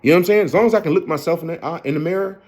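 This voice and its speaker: A man's voice: fairly high pitch, very fast, darkish tone. Profane rambling fifty-year-old man. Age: 50s. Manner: profane, rambling, many fillers and restarts. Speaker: vlogger. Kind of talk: rambling confessional storytelling.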